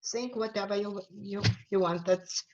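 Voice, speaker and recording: Her mid-range voice is steady and somewhat dark, and the recording is muffled. She's a Ukrainian guest author with an East European accent, speaking slowly and thoughtfully in a webinar and at times repeating words as she looks for them.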